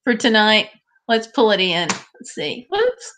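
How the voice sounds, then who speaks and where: A woman's voice: on the high side, sing-song, takes it slowly, a bit bright, slight background noise. A woman hosting a live stream, chatting casually and directly with her viewers.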